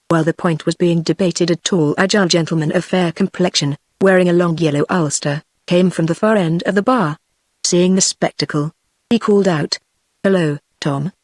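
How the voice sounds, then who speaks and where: A woman's voice: fairly low pitch, no room sound. Synthetic British woman narrating, dry. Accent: British English. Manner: even, measured reading with dialogue in the same voice. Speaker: audiobook narrator.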